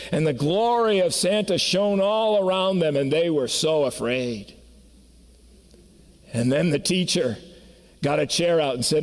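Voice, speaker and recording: A man preaching a sermon in a church sanctuary, telling stories earnestly and building to emphatic peaks. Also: a little high. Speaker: pastor. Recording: long reverb of a church hall.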